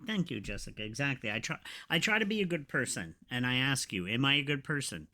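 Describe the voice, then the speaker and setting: A man hosting a podcast, talking in a rambling, emotional, halting way with many fillers. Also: medium pitch, very animated, sharp tone. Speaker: podcast host. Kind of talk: casual confessional podcast talk.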